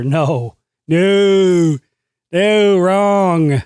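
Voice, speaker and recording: Male host, higher-pitched, dry close sound, foul-mouthed sarcastic rant. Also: normal speed, no echo. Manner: profane, sarcastic, animated storytelling. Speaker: channel host. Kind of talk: ranting monologue.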